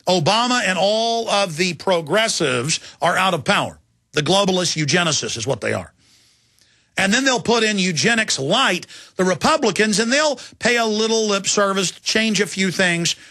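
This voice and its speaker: A man's voice: sits high, sharp tone, no echo, studio quality. A man in his thirties hosting a talk radio show, delivering an intense, emphatic, ranting political monologue.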